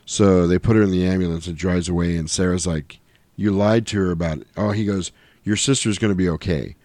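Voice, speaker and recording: On this podcast, a middle-aged co-host chats loosely about a movie, wandering through the plot and performing quotes in character voices. He speaks low and steady, a bit fast, with a dark tone and no echo.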